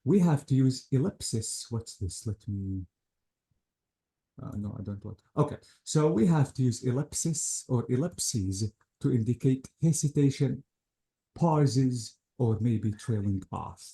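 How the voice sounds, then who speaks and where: A man's voice: medium pitch, animated, measured pace, gravelly, dark tone. A man teaching an English grammar lesson, patiently repeating points and checking that the student follows.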